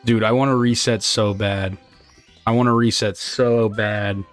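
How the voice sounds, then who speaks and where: A young male streamer with a lowish, fairly even voice talks a little slowly as he speedruns, with faint music behind him. He chats loosely with viewers, reading their messages, joking, rambling and swearing casually.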